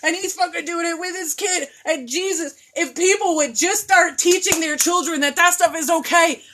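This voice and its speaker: Needs a woman with a high, sharp voice for an impassioned live rant, profane and emphatic, loud then hushed. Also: moderate pace, a little hiss or hum. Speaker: live-stream host. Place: at home.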